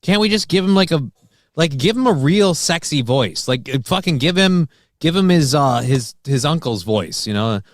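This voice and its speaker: Brief: male co-host, slightly high voice, bouncy intonation, profane jokey delivery, dry studio sound. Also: expressive, moderate pace, no room sound. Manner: profane, joking. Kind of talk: casual talk show banter.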